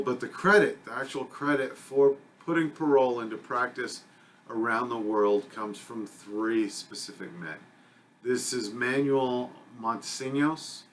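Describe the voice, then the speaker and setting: A man with a fairly low voice delivers a recorded lecture to his students. He speaks conversationally, often pausing on fillers and correcting himself mid-sentence. A faint background hum runs under the recording. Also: a bit bright. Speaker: college criminal justice instructor.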